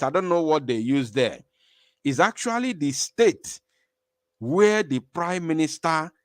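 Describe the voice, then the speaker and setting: A man's voice: mid-range voice, dry recording, clean studio sound. A man hosting a live-stream commentary, rambling and talking straight to his viewers. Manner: animated, rambling, speaks to viewers. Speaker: online show host.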